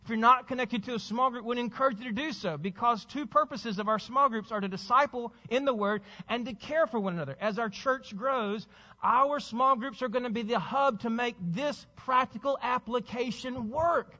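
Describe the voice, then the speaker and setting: Male pastor giving an urgent sermon, high voice, muffled, echoing sanctuary sound. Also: normal speed, sharp tone. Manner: urgent, exhorting preacher with rhetorical questions.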